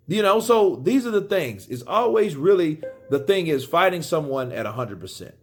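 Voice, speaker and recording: Animated, profane male boxing commentator. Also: fairly high pitch, moderate pace, few pauses. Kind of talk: casual boxing commentary vlog.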